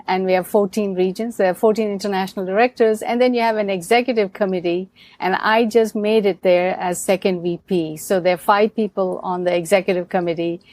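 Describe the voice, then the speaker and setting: A soft-spoken woman talks through an interview in a calm, matter-of-fact way. Her voice sits at an ordinary middle pitch. The recording is dry and close, with no room sound. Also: brisk, few pauses, no echo. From Nigeria and India. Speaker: guest, Toastmasters leader. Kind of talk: conversational interview.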